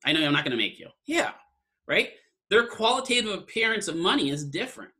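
A man's voice: high-pitched, very animated, brisk, bright, forceful tone. A man lecturing an online class in a casual, conversational way, often checking in with "right?". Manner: conversational, keeps asking "right?".

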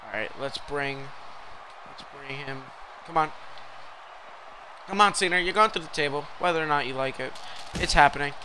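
A young man giving live commentary while he plays a wrestling video game, reacting loudly to every turn. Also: a little high, normal speed, pauses often, noisy background. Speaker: game streamer.

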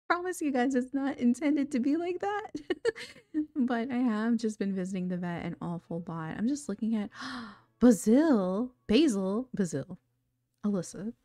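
A young woman talks through her game in a chatty, easygoing way, breaking into giggles every few lines. Her voice sits at an ordinary middle pitch. The recording is dry and close. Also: a little mellow, no echo. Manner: chatty and giggly, laughs often. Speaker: gaming video creator. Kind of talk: casual gameplay commentary.

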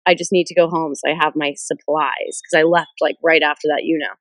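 A young woman in her twenties with a bit of a cold, chatting excitedly on a livestream and answering viewer comments. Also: low-pitched, fairly quick, no echo. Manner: bubbly, excitable, jumps between viewer shoutouts. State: stuffed up with a cold. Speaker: livestream host. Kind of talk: casual livestream chat reading comments. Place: in a car. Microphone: phone camera.

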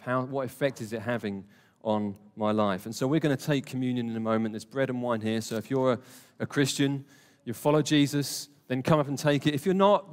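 Conversational preacher in a reverberant hall. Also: male voice, medium pitch, clean tone. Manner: conversational, emphatic, jokey asides. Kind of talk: live sermon. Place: warm church hall, live congregation.

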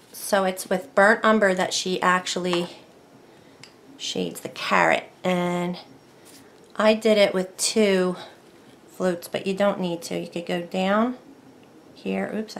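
A woman talks through a painting lesson in a relaxed, chatty way, thinking aloud as she paints. Her voice has a gravelly edge at an ordinary pitch. A faint hiss of room noise sits under the close mic. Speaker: craft painting teacher. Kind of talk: casual painting tutorial.

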